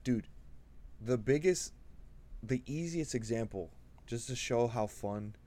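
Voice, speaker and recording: A young man co-hosting a podcast, telling anecdotes with lively acted-out bits. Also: medium pitch, takes it slowly. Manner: animated storyteller, acts out people in anecdotes. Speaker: podcast co-host. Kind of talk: casual chat.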